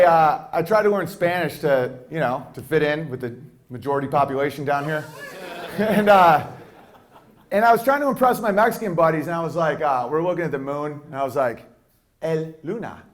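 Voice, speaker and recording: A man's voice: on the high side, moderate pace, lightly acted. A man playing a brash male stand-up comic who rambles provocatively and laughs through his lines. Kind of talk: stand-up comedy bit.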